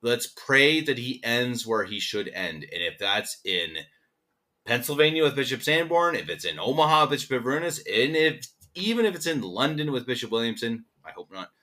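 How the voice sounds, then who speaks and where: A man's voice: lowish voice, sharp tone. A man co-hosting a podcast in casual chat, emphatic and ranting, often repeating words as he gets worked up. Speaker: podcast co-host.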